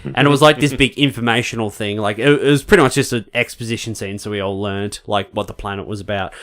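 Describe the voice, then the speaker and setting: A man co-hosting a podcast in a casual movie-review chat, animated and acting out scenes with quoted voices. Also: lowish voice, fast talker. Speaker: podcast co-host.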